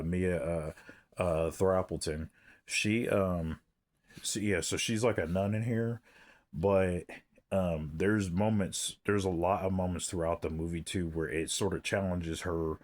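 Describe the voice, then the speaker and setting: A man's voice: sits low, darkish tone. A man giving a casual, rambling film review, hesitant and full of fillers and restarts. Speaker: movie reviewer.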